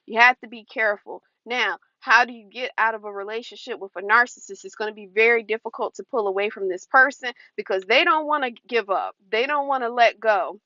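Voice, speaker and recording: A woman's voice: fairly high pitch, a little fast, hardly any pauses, sharp tone, no echo. Woman giving earnest warnings, dull recording. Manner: earnest, warning, acts out quoted lines. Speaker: advice vlogger. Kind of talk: casual advice talk to camera.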